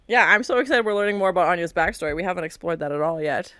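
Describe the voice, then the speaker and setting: Female reaction host with a bright, crisp voice, chatty and animated. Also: mid-range voice, dry recording, clean studio sound. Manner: animated, chatty, often squeals and laughs. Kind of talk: reaction commentary.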